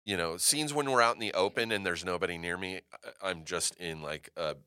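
A man's voice: deep voice, fairly quick, pushed and bright, clear, resonant tone. A man being interviewed as an actor, telling stories animatedly and swearing freely. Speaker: actor guest. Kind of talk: casual interview storytelling.

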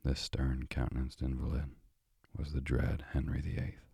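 Very deep, gravelly male narrator. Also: flat delivery, dark tone, no room sound, studio quality. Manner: slow, measured storytelling. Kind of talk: audiobook narration.

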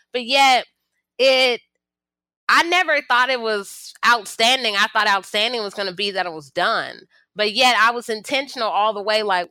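An interview guest who writes and studies history, she tells lively stories and acts out each quoted voice as she answers. Her mid-range voice moves at a moderate pace, recorded with no room sound.

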